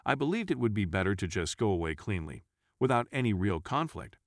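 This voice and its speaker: A man reading a first-person story aloud as scripted narration, at an even, steady pace. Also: on the low side, fairly quick, dry recording, clean studio sound.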